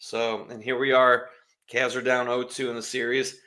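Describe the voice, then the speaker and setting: A man's voice: medium pitch, level tone, normal speed, pushed and bright. A man co-hosting a casual sports podcast, rambling and restarting his sentences as he talks. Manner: rambling, stumbles over names and restarts. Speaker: podcast co-host.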